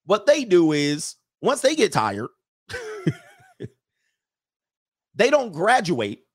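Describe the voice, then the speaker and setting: A man's voice: high-pitched, wildly swooping pitch, drawn-out words, slightly rough. A man hosting a livestream show, giving a mocking, profane monologue full of repeated rhetorical questions.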